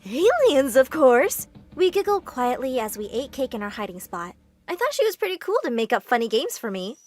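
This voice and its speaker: High, lively woman narrating a cartoon story. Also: fairly quick. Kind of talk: first-person animated story narration.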